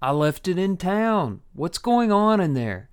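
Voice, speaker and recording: A man voicing an anxious, shifty frontier husband who shouts across a distance. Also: sits high, sing-song, measured pace, smooth, voice pushed up. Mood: shouting anxiously.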